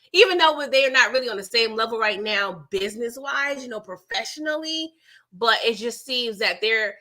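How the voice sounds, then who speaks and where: A woman hosting a casual TV episode recap, talking in an animated, slangy way and joking with her live chat. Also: fairly high pitch. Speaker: TV recap host.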